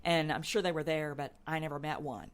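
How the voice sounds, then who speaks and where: A woman in her sixties, a radio show guest telling animated stories about her career and acting out the people she quotes. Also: deep voice, a little fast, a loud crowd. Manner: animated storyteller, acts out quoted voices, laughs easily. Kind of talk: casual storytelling interview.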